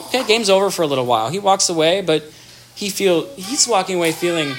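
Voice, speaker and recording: A man giving an earnest, animated explanatory talk on attachment in relationships, acting out example dialogue as he goes. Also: fairly high pitch, fast talker, soft background music.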